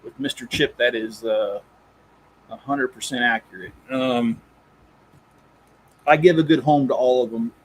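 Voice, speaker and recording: A man's voice: mid-range voice, a little slow, pauses often, a little hiss or hum, rough recording. A man hosting a Lego channel, chatting casually on a live stream, rambling and correcting himself as he goes. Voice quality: rambling, self-correcting, chuckles while reading.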